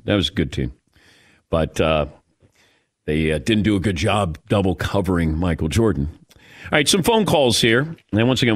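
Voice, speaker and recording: A man hosting a sports talk radio show, laughing often and arguing back and forth with his co-hosts. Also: lowish voice.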